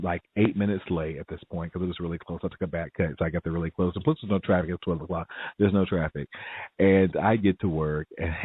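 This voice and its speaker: A man telling a story in a casual vlog, animated and laughing often, jumping to a higher pitch to act out what people said. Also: no echo. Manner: animated, laughs often, acts out quoted voices in a high pitch. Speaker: vlogger. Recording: dry, phone-like audio.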